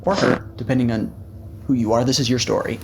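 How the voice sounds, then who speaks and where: A man's voice: medium pitch, steady tone, brisk, vocal fry, a little hiss or hum, voice pushed down, natural voice. A man playing a kindly old French shopkeeper. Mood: gentle.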